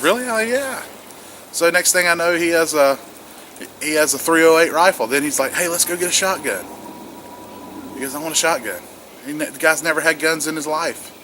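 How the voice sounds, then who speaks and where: A man's voice: medium pitch, bright, forceful tone. A man talking to camera in the woods about preparedness, rambling and restarting his sentences. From South Carolina, US. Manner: rambling, repeats words and restarts, earnest. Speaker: prepper vlogger. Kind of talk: casual outdoor vlog monologue. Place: wet woods outdoors. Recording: noisy outdoor camera audio. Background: outdoor ambience, distant aircraft.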